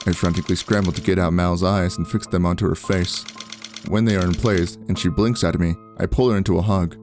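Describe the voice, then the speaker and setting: A man reading a visual novel aloud in a steady first-person narration. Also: low voice, brisk. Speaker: game narrator. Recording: background music.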